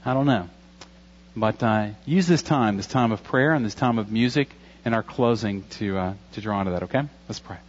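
A man's voice: on the low side, moderate pace, dull audio. A pastor in his forties giving an earnest, conversational sermon with a few jokes. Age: 40s.

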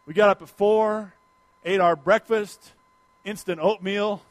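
A middle-aged man preaching a sermon in a folksy storytelling way, swinging between loud emphasis and quiet asides. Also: sits high, steady tone, measured pace. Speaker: pastor.

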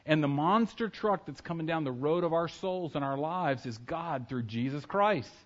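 A man preaching a sermon in church, talking casually and joking with the congregation, now and then breaking into loud acted shouts. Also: on the high side, moderate pace, dull audio. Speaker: pastor. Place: church sanctuary.

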